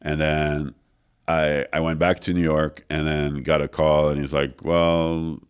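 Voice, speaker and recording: Clear and resonant, with an extremely low pitch and a slightly slow delivery, a man tells a long, casual anecdote as a studio interview guest. He acts out the other people and peppers it with fillers.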